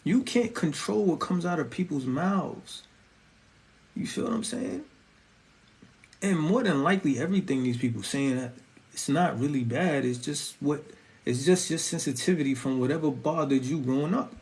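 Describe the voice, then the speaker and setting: A man's voice: fairly high pitch, normal speed. A young man giving a casual, slangy preaching monologue on faith and relationships, often asking listeners if they feel him. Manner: animated, conversational, slangy, keeps asking "you feel me". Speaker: Christian vlogger.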